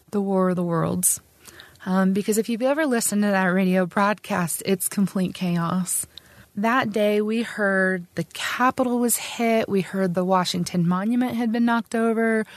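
A woman's voice: mid-range voice, dry recording. Middle-aged female army vet, earnest oral-history storyteller, dry close mic. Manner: earnest, conversational, with frequent restarts and fillers. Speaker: army veteran recounting service.

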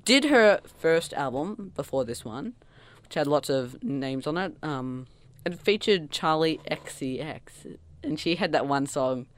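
A podcast co-host in casual chat, talking fast and bursting into loud mock quotes. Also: medium pitch, lively intonation. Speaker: podcast co-host reviewing an album.

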